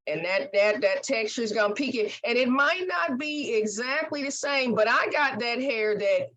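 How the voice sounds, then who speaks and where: A woman's voice: fairly high pitch, expressive, moderate pace, fairly bright tone. A woman hosting a podcast interview, speaking in an emphatic, folksy, heartfelt way. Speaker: podcast host. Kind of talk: conversational interview.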